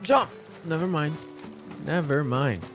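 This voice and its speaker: A man casually commenting on his gameplay, playful, crude and excitable, chatting to the characters on screen. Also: fairly high pitch, takes it slowly, music in the background. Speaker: let's play gamer.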